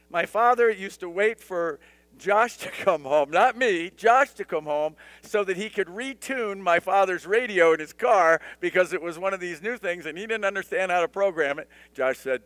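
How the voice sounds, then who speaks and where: A man with a somewhat high voice teaches a Bible study like a friendly pastor. He talks conversationally, drops in jokes and acts out the scripture voices. The sound is dry and close, with no room echo. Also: a little slow, fairly bright tone. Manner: conversational, with humorous asides and dramatized scripture voices.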